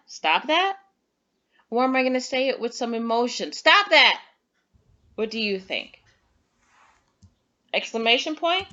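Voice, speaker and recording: A woman's voice: on the high side, fairly bright tone, muffled recording. A woman teacher giving an online lesson to young children, patient and encouraging, who reads example sentences aloud with exaggerated emphasis.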